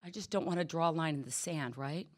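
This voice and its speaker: Woman, middle-aged, slightly low pitch, recovery share, candid, storytelling. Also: fast. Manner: candid, storytelling, acts out quoted dialogue. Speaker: recovery meeting speaker. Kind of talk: personal testimony talk.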